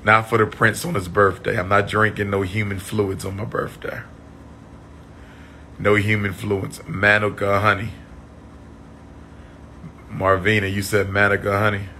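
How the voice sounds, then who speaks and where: A man chatting on a livestream, losing his voice, repeating shout-outs to his viewers. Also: fairly low pitch, flat delivery, a little slow, pauses often, slight background noise. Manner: repetitive, call-and-response shout-outs to viewers. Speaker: livestream host. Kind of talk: casual livestream chat.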